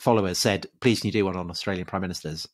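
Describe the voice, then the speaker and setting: A man's voice: deep voice, racing. Chatty Englishman telling a story. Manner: chatty storyteller, laughs often, many fillers. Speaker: podcast host. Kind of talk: casual history podcast chat.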